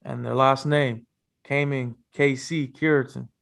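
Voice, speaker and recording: A man hosting a casual sports interview podcast, talking in a relaxed, loose way with many fillers. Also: medium pitch, unhurried, vocal fry. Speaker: podcast host.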